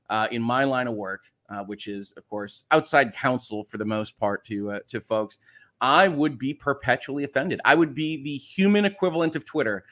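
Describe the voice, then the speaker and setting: A middle-aged man chats easily as host of a live stream, reading viewer comments aloud and cracking dry jokes. His pitch sits in a middle range for a man. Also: fairly bright tone. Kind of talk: casual livestream chat.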